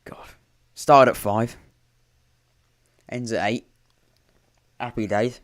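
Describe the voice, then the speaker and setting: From home, a podcast host runs a live football watchalong, rambling loosely through casual commentary and chat. He often breaks off and starts over, slipping dry, sarcastic comments between bits of play-by-play. His medium-pitched voice is steady and slow.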